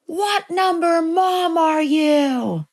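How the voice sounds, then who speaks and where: A woman voicing a small girl who screams in distress, with shrill, frantic yelling. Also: drawn-out words, heavily acted.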